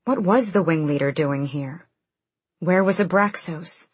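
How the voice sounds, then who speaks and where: Low-voiced woman narrator for a fantasy audiobook; slow, measured, husky. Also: no echo.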